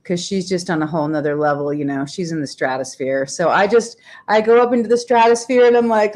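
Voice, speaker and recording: A woman's voice: mid-range voice, fairly quick, hardly any pauses, darkish tone. A woman guest on a talk show, chatting casually and animatedly, often laughing and acting out quotes. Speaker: regular guest. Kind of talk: casual chat.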